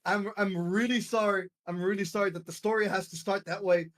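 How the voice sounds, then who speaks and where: A young man streaming, chatting casually with friends, telling a story loudly with lots of laughing and swearing. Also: high voice, steady tone, brisk. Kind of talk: casual chat.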